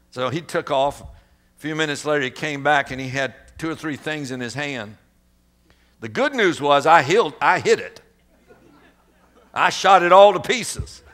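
Pastor, middle-aged man; bright, forceful, slightly high voice; lively storytelling sermon. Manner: animated storyteller, acts out sounds and quotes.

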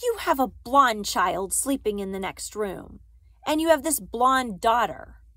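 A woman's voice: a little high, normal speed, breathy edge, no echo, studio quality. A woman reading aloud, voicing a harsh, scornful male officer who barks and sneers. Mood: sneering. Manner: barking, sneering.

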